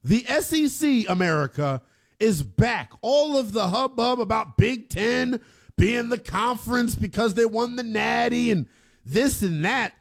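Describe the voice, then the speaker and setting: A man hosting a live sports radio talk show, hyped and slangy, swinging between loud calls and muttered asides. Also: very high voice, animated, a little slow, creaky. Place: radio studio.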